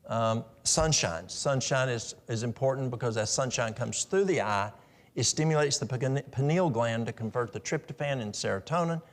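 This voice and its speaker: Folksy gravelly man giving a health talk. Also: mid-range voice, moderate pace. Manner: folksy, practical, tells stories. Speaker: health speaker at a church.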